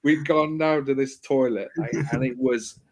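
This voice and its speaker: A man's voice: mid-range voice, steady tone, moderate pace, very noisy. A man hosting a stream, telling crude anecdotes with lots of swearing in casual chat. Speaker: stream host.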